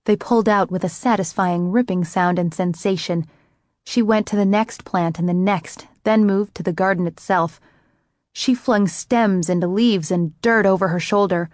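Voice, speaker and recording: Reading scripted audiobook narration, this female narrator keeps a steady, measured storytelling delivery at a mid-range pitch. The audio is close and dry, with no room sound.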